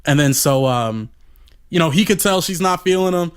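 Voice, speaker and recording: A man's voice: fairly high pitch, expressive, moderate pace, clean tone. A man telling a rambling, profane story on a podcast in a casual way, full of "you know" fillers.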